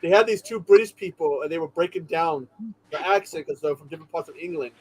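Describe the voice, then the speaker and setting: High-pitched male panelist, chatty and halting, doubles back on his words. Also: a little mellow, breathy edge, low-quality recording. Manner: halting, repeats words as he builds a point. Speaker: watch party panelist. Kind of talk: casual chat.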